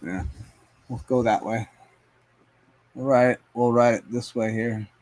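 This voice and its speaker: A man's voice: mid-range voice, steady tone, unhurried, a little mellow. A man live streaming as he paints, rambling to himself and his chat in a casual, profane way. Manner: rambling, talks to himself and chat, swears often.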